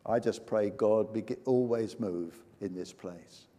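Older male preacher, warm voice, emphatic delivery, reverberant hall. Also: lowish voice, takes it slowly. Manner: emphatic, rising to loud peaks. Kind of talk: sermon. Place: church.

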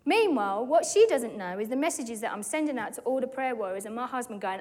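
A British woman in her forties telling a testimony on stage with animated, excitable energy. Her voice sits a little high and rings through a long, echoey hall. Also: a little fast. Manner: animated, excitable storyteller who acts out quotes. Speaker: speaker giving a testimony. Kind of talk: storytelling testimony to a church gathering.

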